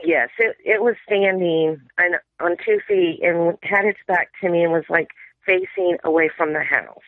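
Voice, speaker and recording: A middle-aged woman calls in over a phone line to share an encounter, rambling through her story and quoting family members in dialogue. Her voice is lowish and her pace normal. The line sounds tinny and dry, with no room sound.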